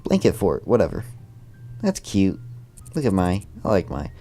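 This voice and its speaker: A man reacting to a dating game in a playful, gushing let's play. His voice sits very low but bounces up and down with lively pitch. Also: moderate pace, soft background music. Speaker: gaming YouTuber.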